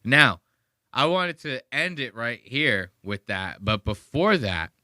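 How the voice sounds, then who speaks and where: A man's voice: medium pitch, very animated, slow pace, sharp tone, dry recording, clean studio sound. A man hosting a podcast, ranting and mocking in profane, casual commentary on a clip he plays. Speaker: podcast host.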